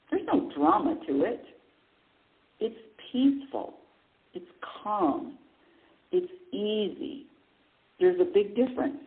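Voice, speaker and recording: A woman hosting a spiritual talk radio show, speaking in an animated way. She asks herself questions, answers them, and chuckles often. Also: medium pitch. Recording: narrow phone-like line.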